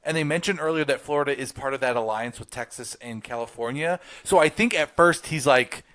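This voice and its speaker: A man's voice: mid-range voice, brisk, a bit bright. A man co-hosting a podcast, walking through a movie scene step by step and quoting the characters. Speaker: podcast co-host. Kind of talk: casual film review chat.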